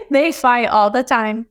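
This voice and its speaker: Woman, 30s, from Texas, podcast guest, easygoing, smooth resonant voice. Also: a little high, slow pace. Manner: easygoing, laughs often. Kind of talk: casual chat.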